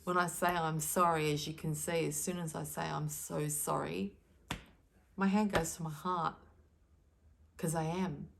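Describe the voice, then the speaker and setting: A woman with a low, deep-set voice shares a spiritual message straight to the camera. She talks in an earnest, emphatic way, stressing the words she cares about. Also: steady tone, normal speed, slight background noise. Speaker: spiritual card reader.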